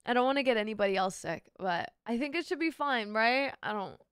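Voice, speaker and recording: Sick young woman streamer, smooth high voice. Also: animated, a little fast, dry recording, clean studio sound. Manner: playful, teasing, swears freely. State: sick with a sore throat. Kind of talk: casual live-stream chat with viewers.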